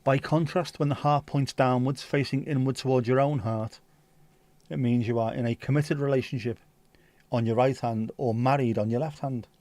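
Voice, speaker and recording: A man in his fifties hosts a relaxed livestream, chatting with viewers and spinning comic stories. His voice sits at an ordinary middle pitch, and the sound is dry and close, with no room around it. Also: moderate pace, no echo. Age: 50s. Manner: chatty, swearing, comic storyteller. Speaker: livestream host. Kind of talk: casual chat reading viewer comments.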